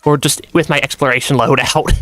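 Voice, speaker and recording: A game streamer giving relaxed let's-play commentary, chatty, laughing often and restarting sentences as they go. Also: mid-range voice, moderate pace, soft background music. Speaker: gaming streamer.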